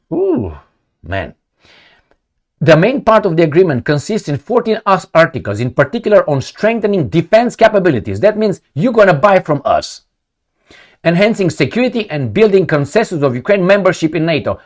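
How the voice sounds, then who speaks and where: Angry ranting man with lively pitch. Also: moderate pace. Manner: profane, addresses viewers directly. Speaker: political commentator. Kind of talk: solo commentary reading news articles.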